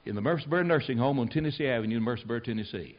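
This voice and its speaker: Animated older American preacher. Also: male voice, medium pitch, rapid-fire. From United States. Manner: animated, folksy, swinging from loud to hushed. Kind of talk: sermon with storytelling. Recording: dull lo-fi recording.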